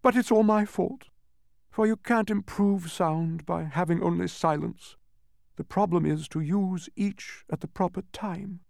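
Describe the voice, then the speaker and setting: A man voicing a gentle, fretful lady sound-keeper. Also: high voice, measured pace, creaky, no echo, clean studio sound, pitched above the performer's own voice. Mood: earnest. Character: kindly, fretful woman who keeps sounds.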